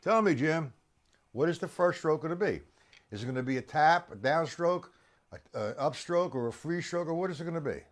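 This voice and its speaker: A man teaching drums on a live stream, his voice lively and swinging widely up and down. He is animated, teases his students, and keeps quizzing them by name. He sits a little high for a man. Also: fairly quick. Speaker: drum teacher. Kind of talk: live-streamed drum lesson.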